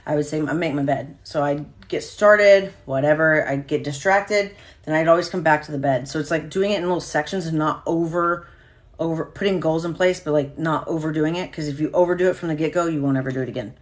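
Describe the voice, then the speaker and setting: A woman's voice: sits low, a little fast. A woman hosting a casual live stream, talking candidly and swearing freely as she reacts to viewer comments.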